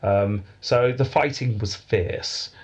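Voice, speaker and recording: A man's voice: medium pitch, takes it slowly, slightly rough. A man hosting a casual history podcast, telling the story with dry jokes and frequent laughter.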